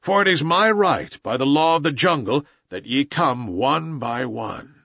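A man's voice: medium pitch, expressive, measured pace, vocal fry, bright, forceful tone, breathy edge, no echo, exaggerated voice. A man voicing a weary, solemn old male wolf who leads the pack, in a slightly dull recording.

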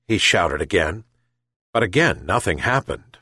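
A man reads a children's folk tale in slow, careful storybook narration. His voice swings widely up and down as he tells it. The sound is close and dry. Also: lowish voice, no room sound. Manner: slow, very lively reading. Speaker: audiobook reader.

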